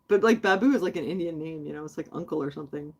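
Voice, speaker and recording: A woman's voice: low-pitched, rapid-fire, a little mellow, slightly rough. A woman hosting a casual livestream, chatty and rambling as she answers her viewers. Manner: chatty and rambling, many fillers. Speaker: host.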